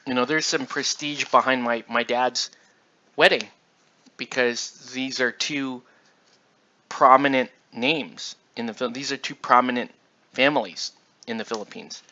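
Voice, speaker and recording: A man's voice: medium pitch, fairly even intonation, unhurried, sharp tone. A tired man chatting casually and rambling, full of fillers and restarts, while he paints. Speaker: miniature painting channel host. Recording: dull lo-fi recording.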